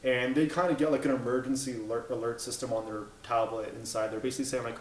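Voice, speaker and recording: A man in his thirties tears into a film in a blunt, exasperated rant, tripping over his words and swearing as he goes. His voice sits at an ordinary middle pitch, and the room around him rings with echo. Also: fairly even intonation, fast, hardly any pauses, slight background noise. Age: 30s. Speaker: movie reviewer. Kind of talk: opinionated movie review rant. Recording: echoey room.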